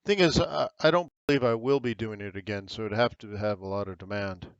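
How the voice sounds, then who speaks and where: A man's voice: fairly low pitch, brisk, smooth, no echo, highs cut off. An American man hosting a live trading webinar, giving casual, rambling market commentary with frequent fillers.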